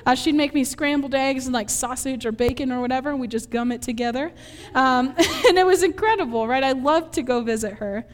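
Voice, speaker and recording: High-voiced woman preaching in a hall. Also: brisk. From Minnesota, USA. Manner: animated storyteller, laughs often, acts out scenes. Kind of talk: conversational sermon with personal story.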